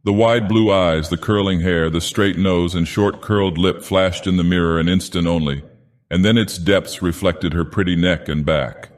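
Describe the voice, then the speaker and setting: Very deep, grave theatrical narrator. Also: male voice, fairly even intonation. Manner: slow, grave theatrical villain persona. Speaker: audiobook narrator. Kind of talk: scripted storybook narration. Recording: long hall reverb.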